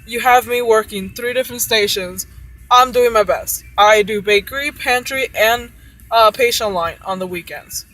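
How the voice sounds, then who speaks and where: A woman's voice: on the high side, moderate pace, fairly bright tone, poor audio. Frustrated woman cook venting. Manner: frustrated, swears often. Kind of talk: venting about work.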